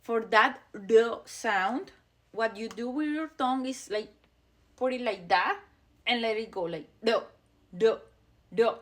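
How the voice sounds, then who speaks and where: A woman teaching Spanish pronunciation, repeating each sound slowly as she demonstrates it. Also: fairly high pitch, a bit bright. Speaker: language teacher. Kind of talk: pronunciation lesson.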